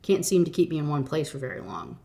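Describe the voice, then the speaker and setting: A woman doing a drifting middle-aged man from a novel, easygoing and knowing, an unhurried drawl that dips a little lower than her usual speech. he reads worldly and relaxed. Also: vocal fry, heavily acted. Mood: wry.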